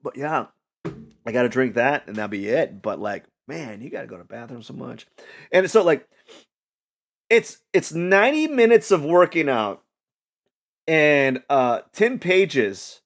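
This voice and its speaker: A man talks to his camera in a loose, wandering way, piling up fillers and restarts. His mid-range voice has a gravelly edge. He keeps laughing at his own jokes. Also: mid-range voice, sing-song, unhurried. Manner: rambling, self-amused, lots of fillers and restarts; mocks others in silly put-on voices. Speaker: vlogger. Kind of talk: casual rambling vlog.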